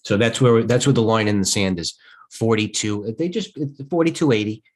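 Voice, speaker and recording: A middle-aged man with a fairly low voice talks through stock charts on a live stream. He is a little tired and rambles, thinking aloud and breaking off mid-sentence. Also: normal speed. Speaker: stock trading host. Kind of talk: live trading stream commentary.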